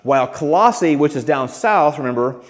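A man's voice: a little high, lively intonation, normal speed, long reverb tail. A man preaching a sermon to his congregation in an earnest, conversational way, often restarting his sentences. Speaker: pastor.

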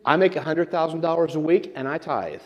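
A man putting on a laid-back shipwrecked man who answers in a calm, soothing, easygoing way. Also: fairly high pitch, a little fast, highs cut off, lightly acted. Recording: long church reverb.

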